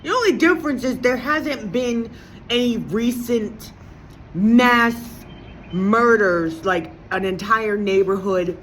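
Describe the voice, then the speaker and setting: Speaking slowly in a fairly high voice, this woman vlogs a rambling, foul-mouthed rant with plenty of fillers, her tone shooting up whenever indignation hits. There's slight background noise on a low-quality recording.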